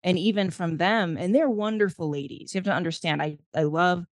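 Speaking briskly in a fairly low voice, this mother in her thirties recounts her experience raising a child with special needs. As a podcast guest she's earnest, reflective and emotional, and the recording has no echo.

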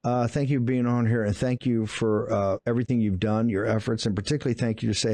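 Indignant male talk show host, low voice. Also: fairly even intonation, no echo. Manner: forceful, indignant, rapid asides. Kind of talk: political talk show hosting.

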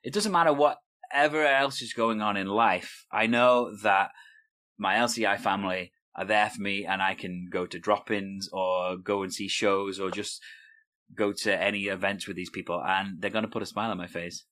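Guy, lowish voice, chill host, says sort of a lot. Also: steady tone, normal speed, bright, forceful tone. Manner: easygoing, uses fillers like sort of. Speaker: host, improv group member. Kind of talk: casual conversation.

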